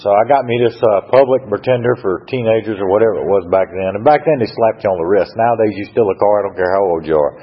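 A man's voice: on the low side, fast talker, few pauses, husky. A middle-aged man from Georgia with a Southern accent, telling his recovery story in a rambling, wry, folksy way at a meeting. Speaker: speaker sharing a recovery story. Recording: dull lo-fi recording.

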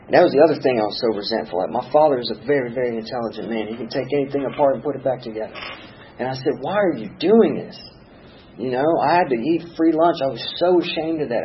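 Man sharing recovery testimony, earnest, keeps asking okay, dull lo-fi sound, faint room hum. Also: mid-range voice. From Virginia. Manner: earnest, repetitive, asks "okay?" and "all right?" to the room. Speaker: speaker sharing a recovery story. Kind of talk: personal testimony talk.

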